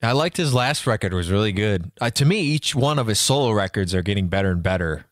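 A male host with a lowish voice runs a casual interview and keeps chiming in with quick yeps and yeahs. The recording is dry and close, with no room echo. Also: expressive. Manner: chimes in with quick agreement. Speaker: show host. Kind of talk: casual chat.

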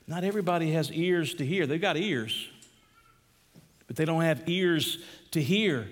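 A man preaching a sermon as pastor, emphatic and slowing down to stress key phrases. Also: fairly high pitch, long reverb tail.

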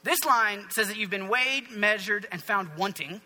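A man voicing a calm, fearless prophet who is dry and offhand. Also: high-pitched, measured pace, in a large hall, full character voice, poor audio. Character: bold calm prophet, adult male.

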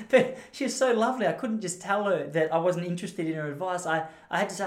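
An Australian man rattles through a rambling, self-deprecating story in a casual monologue. His voice sits a little high and moves quickly, and it bounces around a roomy, echoey space. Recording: roomy echo.

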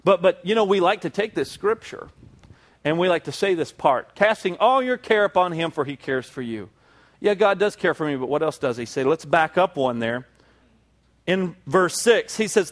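A man's voice: on the high side, animated, moderate pace. A male pastor preaching a sermon to a congregation, building to emphatic peaks with repeated phrases.

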